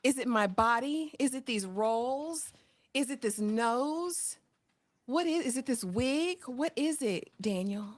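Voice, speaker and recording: A woman with a slightly high voice chats through a reality TV episode. She is animated and gossipy, breaking into laughter and exaggerated impressions of the cast as she tells it. It plays as a loose, casual recap conversation. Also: slow.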